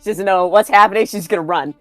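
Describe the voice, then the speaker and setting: A woman's voice: medium pitch, fast, a bit bright, no room sound, faint music behind. A woman playing a tabletop game, chattily describing what her character does. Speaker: player.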